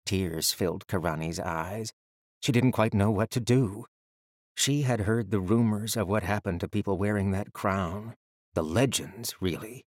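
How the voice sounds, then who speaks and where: Low-voiced male audiobook narrator. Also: measured pace, no echo, clean studio sound.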